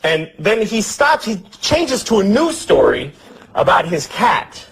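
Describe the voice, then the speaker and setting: A man's voice: sits high, very animated, a little slow, a bit bright, slightly rough. A man comedian telling a stand-up story in a wry way, laughing through his own lines.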